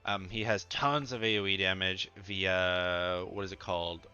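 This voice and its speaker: A man's voice: low-pitched, steady tone, unhurried, pushed and bright, clear, resonant tone, muffled recording, faint music behind. A man giving chatty, loose gaming commentary, thinking aloud with fillers and restarts, and sounding a bit sleepy. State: sleepy, yawning. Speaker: gaming content creator. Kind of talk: casual tier-list commentary.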